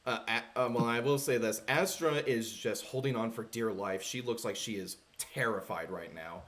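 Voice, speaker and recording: Halting man narrating as game master. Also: mid-range voice, a bit bright, slight background noise. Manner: halting, full of fillers and restarts.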